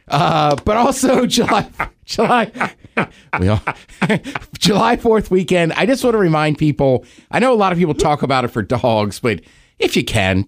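A man's voice: fairly high pitch, dry recording, clean studio sound. A middle-aged man co-hosting a podcast, telling stories in casual chat and laughing often. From living in Seattle. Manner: animated storyteller, laughs often. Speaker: podcast co-host.

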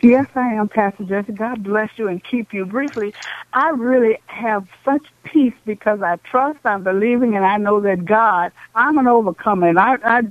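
A woman's voice: medium pitch, moderate pace, no echo. A woman calling into a radio show, exhorting listeners fervently and sounding emotional. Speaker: caller. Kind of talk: fervent call-in testimony. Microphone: telephone. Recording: tinny dry phone line.

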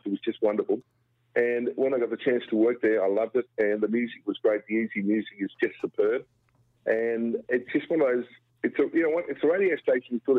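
A middle-aged Australian man, a guest broadcaster, telling jokey, self-deprecating stories in casual radio chat. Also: on the low side. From Brisbane, Australia. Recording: tinny phone line.

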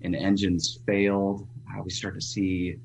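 A man, a pastor, telling a personal story as a radio guest in an earnest, halting way with frequent restarts. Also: low voice, monotone, creaky, slight background noise.

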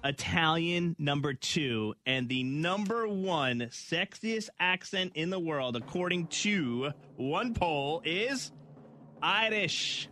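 A man's voice: fairly high pitch, expressive, slow, pushed and bright, soft background music. A man hosting a morning radio show, bantering and reading out a countdown list. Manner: playful, reads out lists. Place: radio studio.

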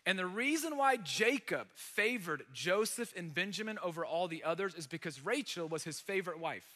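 A pastor telling a Bible story in a casual sermon, acting out the quotes. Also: male voice, sits high, lively intonation, normal speed, sharp tone, in a large hall.

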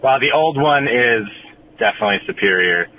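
A man's voice: medium pitch, animated, fairly quick. A man calling in and leaving a friendly, casual voicemail for a podcast, eager to chime in. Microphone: phone. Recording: tinny phone line with faint hiss.

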